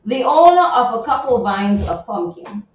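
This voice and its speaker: A woman radio host talks through a viral story, chatty and indignant, full of asides and repeats. Her voice sits a little high. She is heard from a distance in a very echoey space, with a dull, muffled sound. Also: big pitch swings, moderate pace. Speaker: radio morning show host. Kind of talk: casual chat reading social media news. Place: radio studio.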